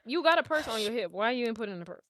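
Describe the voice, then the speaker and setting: A woman's voice: fairly high pitch, animated, very fast, crowd noise. A woman co-hosting a podcast, animatedly recapping a movie in slangy, profane casual chat and acting out the characters' lines. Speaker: podcast co-host.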